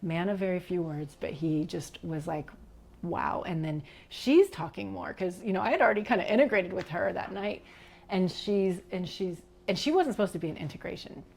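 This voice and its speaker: A middle-aged woman with a low, gravelly voice shares a personal story as a podcast guest. She tells it in an animated way, acts out what others said, and sometimes drops into a whisper. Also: brisk.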